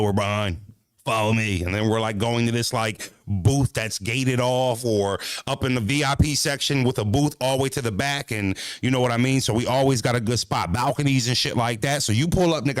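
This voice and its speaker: A man's voice: mid-range voice, a little fast, hardly any pauses, no room sound, studio quality. A man streaming casually as a battle-rap commentator, talking in a brash, profane, rambling way and repeating himself.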